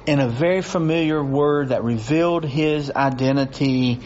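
Emphatic preacher man, slightly high voice. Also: normal speed, few pauses, a little hiss or hum. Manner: rising intensity when reading scripture, emphatic repetition. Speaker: pastor. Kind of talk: sermon. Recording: dull lo-fi recording with faint ambience.

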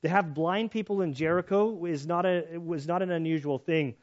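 A man's voice: a little high, brisk, dull audio. A man teaching through a Bible passage in a casual, conversational way, acting out voices in the story as he goes. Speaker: pastor.

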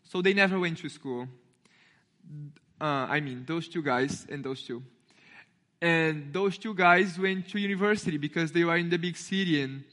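Bright, high-voiced man telling a story. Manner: conversational, with pauses and fillers. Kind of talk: casual storytelling.

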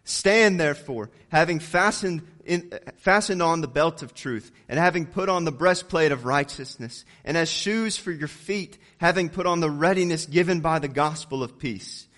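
Male preacher, fairly high voice, dynamic delivery that swells to loud peaks and sinks low for emphasis. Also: normal speed, few pauses. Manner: rising to loud emphatic peaks, dropping low on key words. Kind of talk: sermon.

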